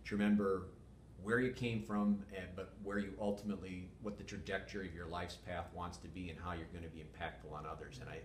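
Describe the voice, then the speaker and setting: Older man with a deep voice. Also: level tone. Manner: measured, wordy, many fillers. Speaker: former police chief, guest. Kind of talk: casual interview talk. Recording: echoey room with faint rumble.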